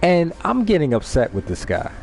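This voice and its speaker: A man hosting a live stream, telling a story in a casual, animated way, swearing freely and often repeating words as he restarts. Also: a little high, moderate pace, gravelly, faint music behind. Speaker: livestream host.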